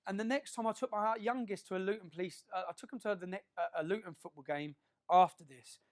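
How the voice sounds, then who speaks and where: High-pitched man giving an emphatic speech. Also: fast talker. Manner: emphatic, with frequent tag questions. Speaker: public speaker. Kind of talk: speech to an audience.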